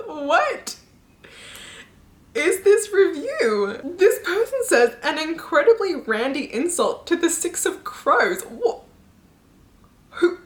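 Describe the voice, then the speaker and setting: A young woman reacting to book reviews in a casual, animated, exclamatory way, laughing often and swearing casually. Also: medium pitch. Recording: echoey room.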